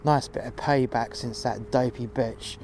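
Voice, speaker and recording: A man's voice: mid-range voice, fairly even intonation, measured pace, darkish tone, slight background noise. Swearing London man telling a story. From West London. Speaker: narrator. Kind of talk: first-person storytelling monologue. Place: outdoors in freezing cold. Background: music.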